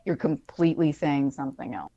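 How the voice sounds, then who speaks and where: A woman's voice: deep voice, lively intonation, fairly quick, warm tone, dull audio. A woman chatting on a group call, blunt and slangy. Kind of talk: casual chat.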